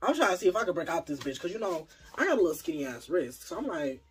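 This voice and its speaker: A young adult vlogger telling a personal story in a casual, animated, profane and dramatic way. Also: mid-range voice, fast talker, husky, faint music behind.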